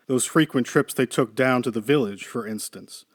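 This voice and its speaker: A man reading a short story aloud in a measured, steady narration. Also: medium pitch, dry recording, studio quality. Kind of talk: scripted narration.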